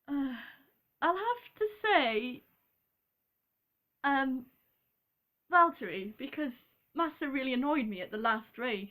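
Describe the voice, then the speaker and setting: Slow, giggly young British woman. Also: high-pitched, lively intonation, bright, forceful tone. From Britain. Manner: giggly, rambling, apologetic, with frequent ums. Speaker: vlogger. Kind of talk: casual chat.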